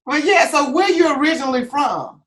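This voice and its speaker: A woman's voice: sits high, animated, fairly quick, fairly bright tone, echoey room. A woman from Mississippi, hosting a casual interview, chatty and laughing easily. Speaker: interview host.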